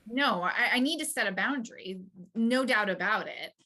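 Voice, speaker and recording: A woman's voice: fairly high pitch, lively intonation, moderate pace, sharp tone. A young woman, a mother, talking openly and hesitantly with restarts in a therapy session. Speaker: client mother.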